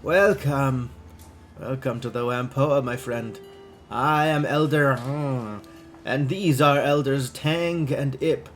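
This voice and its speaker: A haggard orc woman elder from a cyberpunk game, weary and fidgety, greeting people slowly and deliberately, as a man puts on her voice. Each word is drawn out, tired and careful. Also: mid-range voice, soft background music, lightly acted. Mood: tired, welcoming. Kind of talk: live-streamed game dialogue read aloud.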